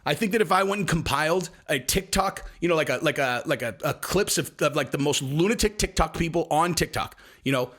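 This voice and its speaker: Man, commentary host, casual rant, sarcastic, rambling, somewhat high-pitched. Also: expressive, a little fast, hardly any pauses, a bit bright. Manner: sarcastic, rambling, with mocking quoted voices.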